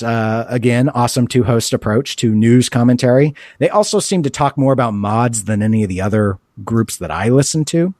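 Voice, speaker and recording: A man's voice: medium pitch, a little mellow, dry recording. A man with a nasal voice, co-hosting a podcast in loose, chatty, self-mocking talk. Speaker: podcast co-host. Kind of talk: casual podcast chat.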